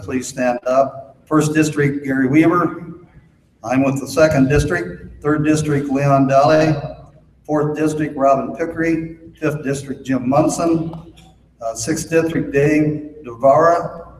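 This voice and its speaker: A man from Minnesota addresses a convention from a podium microphone, and his voice rings through a large hall with a long reverb tail. He tells a folksy joke and then reads off thanks and figures in a plain, unhurried way, with frequent "uh" fillers. Faint background noise sits under the room. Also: fairly high pitch, steady tone, a little mellow. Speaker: Boy Scout chairman. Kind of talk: convention speech with jokes.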